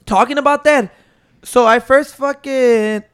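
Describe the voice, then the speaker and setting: A man hosting a podcast into a microphone, telling stories in excitable, profane casual chat. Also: extremely high pitch, a little slow, smooth. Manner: excitable, swearing, storytelling with restarts. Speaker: podcast host.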